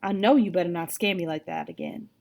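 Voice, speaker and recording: A woman reading aloud, voicing a caring mother who scolds in a brisk, motherly way. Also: lowish voice, huge pitch swings, a little mellow.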